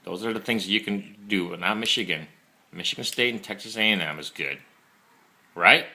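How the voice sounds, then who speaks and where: A man's voice: low voice, normal speed, sharp tone. A father chatting playfully with his young child over a meal at home, teasing and coaxing, recorded on a phone set on the table. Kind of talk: casual chat with his child during a meal. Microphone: phone propped up on the table.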